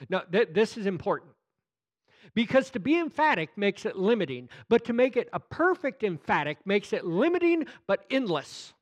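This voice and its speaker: A man preaching a sermon, reading scripture slowly and deliberately, with playful asides. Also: high voice, no room sound.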